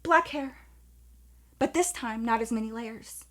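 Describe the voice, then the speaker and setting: A woman in her twenties telling a casual, profane story time to her viewers, animated and chatty. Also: a little high, measured pace. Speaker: storytime vlogger.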